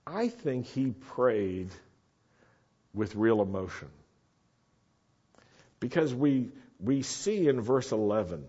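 A man preaching a sermon with lively, animated delivery that swings from quiet asides up to sudden shouts. His voice sits in the middle range for a man. The recording is dull and lo-fi. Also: mid-range voice, slow pace, pauses often, breathy edge. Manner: animated, rising to shouts for emphasis. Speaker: pastor.

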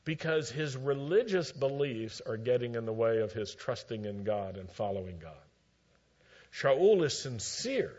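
A man preaching a sermon, retelling scripture with emphatic, measured storytelling and dry asides. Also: medium pitch, very animated, darkish tone. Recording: dull lo-fi recording.

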